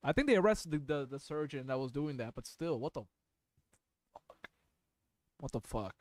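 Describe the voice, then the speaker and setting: A man's voice: medium pitch, animated, moderate pace, darkish tone, no echo. A man chatting casually on a live stream, loose and profane with slang.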